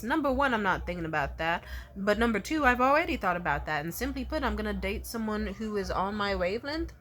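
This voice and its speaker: A woman's voice: on the high side, lively intonation, fast talker, a bit bright. A young woman vlogging, ranting in an exasperated, heavily profane way about commenters who misjudge her. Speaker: content creator. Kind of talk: casual ranting vlog.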